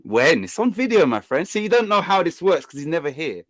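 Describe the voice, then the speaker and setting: Lively, teasing host. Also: male voice, sits high, fast talker, no echo. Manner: teasing, bossy banter with frequent fillers. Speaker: channel host. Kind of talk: casual livestream chat.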